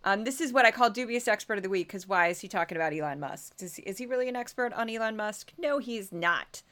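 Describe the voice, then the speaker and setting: Bright-voiced chatty Missouri woman. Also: medium pitch, quick pace. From Midwest US. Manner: chatty, animated, often laughing. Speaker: podcast host. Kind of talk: casual commentary.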